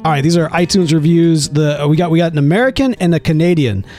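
A man co-hosting a podcast in casual chat, talking in a chatty, animated way with frequent fillers. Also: fairly high pitch, fast, faint music behind. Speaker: podcast co-host.

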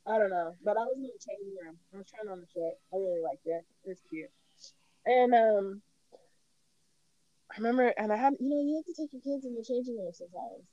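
A woman's voice: medium pitch, fairly quick, dark tone, no room sound, lo-fi sound. A woman co-hosting a casual chat, telling stories animatedly and laughing often. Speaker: podcast co-host.

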